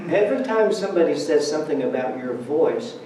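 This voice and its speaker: Mellow and a little high, a man's voice carries conversational, funny storytelling and laughs through a Sunday talk in a church sanctuary. He's far from the microphone in the spacious hall, and a little hiss or hum can be heard.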